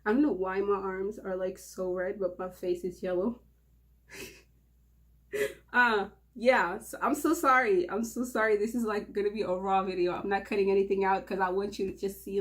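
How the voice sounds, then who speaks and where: Young woman, nervous and giggly, rambling casual vlog talk, stumbles and restarts. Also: mid-range voice. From Mauritania. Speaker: channel host.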